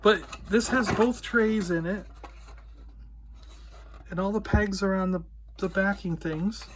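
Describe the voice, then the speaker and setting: A man hosting his own vlog, casually retelling a story in an animated way, acting out the voices of the people he quotes. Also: high-pitched, slow pace, slight background noise. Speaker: host. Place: indoors toy room.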